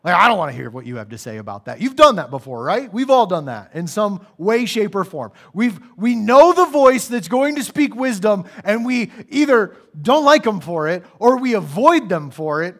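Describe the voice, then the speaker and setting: A man preaching a sermon in a church, conversational, acting out little voices and dropping quiet for serious points. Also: a little high.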